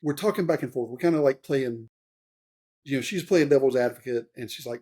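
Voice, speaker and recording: Speaking fairly quickly in a mellow, medium-pitched voice, a man in his fifties shares his life as a former Army warrant officer on a podcast. His loose, filler-heavy speech keeps restarting, earnest and full of feeling.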